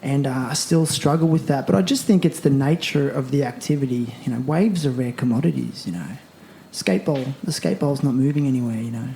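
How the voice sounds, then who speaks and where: A man hosting a podcast, asking curious, quick questions in casual chat at a home in Bali. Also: medium pitch, gravelly, warm tone, a little hiss or hum. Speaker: podcast host.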